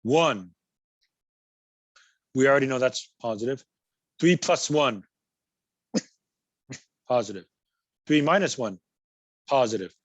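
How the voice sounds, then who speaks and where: A man's voice: medium pitch, animated, takes it slowly, pauses often, no echo, muffled recording. Man, math instructor, patient explaining, repeats key terms, dry close recording. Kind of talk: recorded class lecture.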